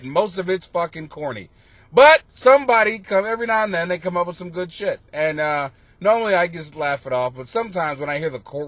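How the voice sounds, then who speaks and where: A man's voice: high-pitched, bright, forceful tone, dry recording. A man hosting a comedy podcast, telling a rambling, profane story and laughing at himself. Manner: profane, laughs through his own story. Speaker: podcast host and comic.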